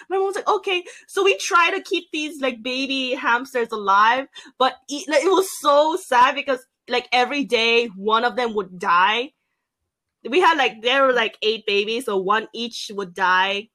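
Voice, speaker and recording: Chatty young woman, bright voice. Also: a little high, expressive. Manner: chatty, fills every pause with "like", acts out her own past lines. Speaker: podcast co-host. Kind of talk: casual storytelling chat.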